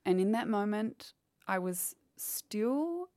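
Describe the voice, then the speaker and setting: A woman's voice: medium pitch, animated, slow pace, a little mellow, dry recording, studio quality. A woman, telling a painful personal story candidly in an interview. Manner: candid, quotes others as she retells. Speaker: guest.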